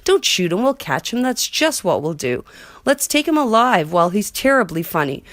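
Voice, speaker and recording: A woman doing excited storybook hunters. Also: medium pitch, moderate pace, dry recording, lightly acted. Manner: excited, exclaiming. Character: three excited male hunters.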